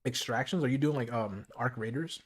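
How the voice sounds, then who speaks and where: A man in the middle of a late-night streaming session at home, talking to his chat between bites in easy slang. His voice sits at an ordinary middle pitch, neither high nor low. The sound is close and clean, picked up by a streaming mic with a noise gate. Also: brisk. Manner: relaxed slangy chat, talking while eating. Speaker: livestreamer. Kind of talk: casual just-chatting livestream. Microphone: streaming mic with noise gate and filters.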